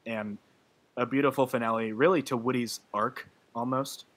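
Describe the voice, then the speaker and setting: A man's voice: medium pitch, fairly even intonation, normal speed, fairly bright tone. Emotional man on a movie podcast. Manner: emotional, laughing often. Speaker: podcast co-host. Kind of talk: casual chat.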